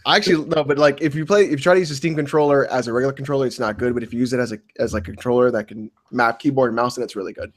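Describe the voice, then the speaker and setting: Fast-talking man on a gaming podcast. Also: mid-range voice, steady tone. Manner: quick, offhand, argumentative. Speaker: podcast co-host. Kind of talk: casual gaming podcast chat.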